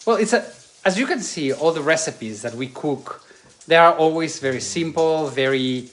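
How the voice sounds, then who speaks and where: A man's voice: fairly high pitch, animated, a little hiss or hum. Coughing man with a hesitant delivery. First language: Spanish. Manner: halting, searching for English words. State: lingering cough. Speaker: cooking video co-host. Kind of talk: casual cooking chat. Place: home kitchen.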